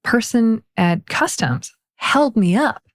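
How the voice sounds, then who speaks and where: A woman guest on a podcast, telling a personal story in lively, casual conversation and laughing often. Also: on the high side, takes it slowly.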